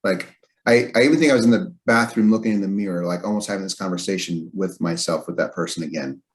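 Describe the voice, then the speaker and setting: A man's voice: deep voice, fast talker. A man hosting a podcast, chatting in a reflective, hesitant way with many fillers. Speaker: podcast host. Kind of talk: casual chat.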